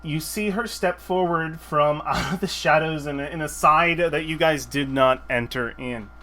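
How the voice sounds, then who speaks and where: A man running a tabletop role-playing game, narrating scenes and voicing characters in a halting way with many restarts. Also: a little high, sharp tone. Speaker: game master.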